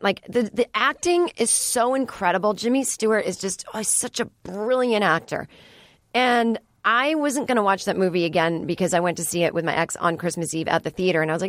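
A woman's voice: medium pitch, dry recording. A woman hosting a podcast in a studio, chatting in a rambling way with sarcastic asides. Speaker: podcast host. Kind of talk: casual solo podcast chat. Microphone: studio microphone.

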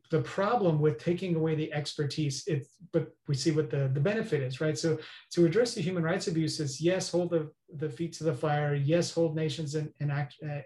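A guest expert in an interview explains things earnestly, often checking in with "right?". His voice is a little high and mellow, and the recording has a roomy echo.

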